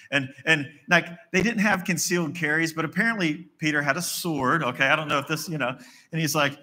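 A man's voice: a little high, fairly quick, pushed and bright. A man from West Virginia, preaching a conversational sermon and acting out the dialogue of the stories he tells. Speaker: pastor.

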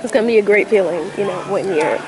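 A woman's voice: medium pitch, a crowd in the background, rough recording. A woman vlogging with a friend on a trip, joking and teasing in casual chat. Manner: joking, teasing, quick asides.

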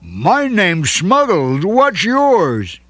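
A man voicing a friendly, encouraging male dog in a children's storybook, speaking slowly and kindly. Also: sits high, wildly swooping pitch, fairly bright tone, no echo, voice pushed up, heavily acted. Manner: kind, coaxing, slow and emphatic. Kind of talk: storybook character voice.

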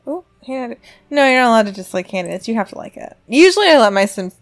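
A woman's voice: a little high, sing-song, fast talker. A young adult woman giving casual commentary while she plays a life-simulation game, chatty and reacting aloud to what happens. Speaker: let's play gamer.

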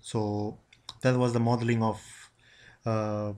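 A man giving a screen-recorded software tutorial, halting, with many pauses and fillers. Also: fairly low pitch, level tone. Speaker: instructor.

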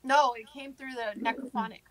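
A woman's voice: high-pitched, steady tone, a little fast, crowd noise, low-quality recording. A woman hosting a live spirit-box session, talking in a soothing, sympathetic, reassuring way. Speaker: paranormal investigator host.

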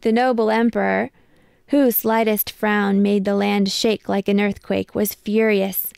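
Woman reading a kids' picture book out loud, gravelly but smooth, dry close sound. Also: mid-range voice, no room sound. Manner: measured, expressive storytelling. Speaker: storybook reader.

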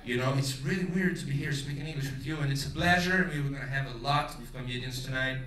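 A man's voice: medium pitch, quick pace. Brazilian man doing stand-up, roomy theater. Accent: Brazilian Portuguese, carioca. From Rio de Janeiro, Brazil. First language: Portuguese. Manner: loose, expressive, profane. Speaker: stand-up comedian. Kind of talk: stand-up comedy set. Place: theater stage. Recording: roomy theater, distant mic, loud audience.

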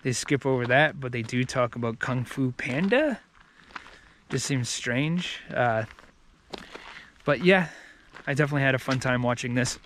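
Guy rambling through a movie review, normal pitch, lots of likes and uhs, bit of faint hiss. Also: moderate pace, pauses often, fairly bright tone. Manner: rambling, filler-heavy, with "like" and "uh". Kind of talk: casual spoken review.

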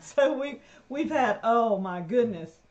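A woman's voice: fairly high pitch, expressive, takes it slowly, darkish tone. A woman telling stories on a homestead livestream in a chatty way, laughing often. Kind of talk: casual live chat. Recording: dull lo-fi livestream audio.

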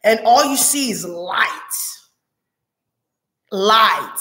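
A woman's voice: mid-range voice, lively intonation, unhurried, a bit bright, roomy sound. A woman giving a spiritual reading as a monologue, talking intensely and repeating prayer words like a chant. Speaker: spiritual reader.

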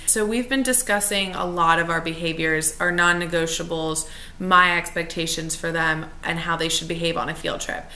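A woman's voice: on the low side, sharp tone. A young adult woman who is a teacher, talking casually to camera in a vlog, chatty and upbeat, sometimes worn out. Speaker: elementary school teacher.

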